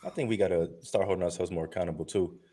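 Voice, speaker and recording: A man as a guest on an interview show, talking earnestly and at a measured pace, now and then acting out what other people say. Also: low voice, warm tone, husky. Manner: earnest, measured, acts out quoted voices. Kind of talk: conversational podcast interview.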